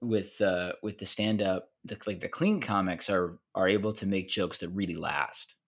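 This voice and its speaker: A man's voice: low voice, moderate pace, husky. A man co-hosting a podcast, chatting casually and playfully about comedy. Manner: playful, joking, does deadpan impressions. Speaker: podcast co-host. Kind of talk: casual chat.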